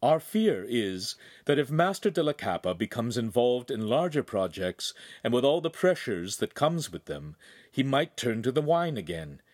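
A shrewd, jovial ruler, voiced by a male reader in an audiobook. He speaks in a grand, measured way. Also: mid-range voice, sing-song, no room sound. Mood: genial. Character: powerful older male ruler, genial and shrewd. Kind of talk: audiobook character voice.

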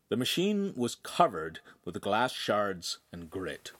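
A man narrating an audiobook in an expressive storytelling manner. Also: fairly low pitch, a little slow, hardly any pauses. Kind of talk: scripted narration.

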